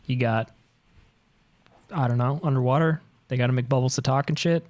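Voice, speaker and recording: A man's voice: mid-range voice, fairly even intonation, moderate pace, a little mellow, dry recording. A man hosting a casual chat, laughing often and steering the talk along. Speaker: podcast host.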